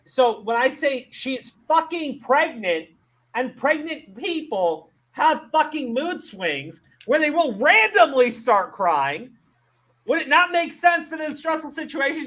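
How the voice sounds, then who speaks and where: A man's voice: very high-pitched, expressive, a little slow, a bit bright. A man hosting a commentary show, ranting with exasperation and plenty of profanity.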